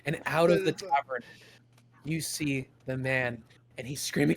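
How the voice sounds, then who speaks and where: A man's voice: medium pitch, fairly even intonation, a little slow. A man narrating a tabletop game as game master, in a loose, improvised storytelling way with fillers.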